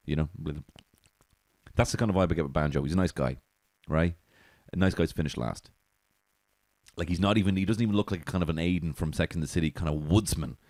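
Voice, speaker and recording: A man's voice: rumbling low, a little mellow, no echo. A man hosting a comedy podcast, rambling through a profane, giggly monologue on a close mic.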